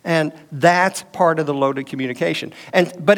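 A middle-aged man teaches a marriage class in an easy, conversational way. His voice sits slightly high for a man, and he slips into quoted back-and-forth from everyday life to make his points. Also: normal speed. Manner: conversational, uses personal anecdotes and quoted dialogue. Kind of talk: teaching session with audience questions.

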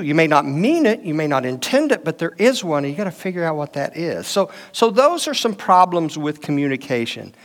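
A middle-aged man teaching a marriage class in a casual, conversational way, telling stories from home. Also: high-pitched. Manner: conversational, uses personal anecdotes and quoted dialogue. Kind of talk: teaching session with audience questions.

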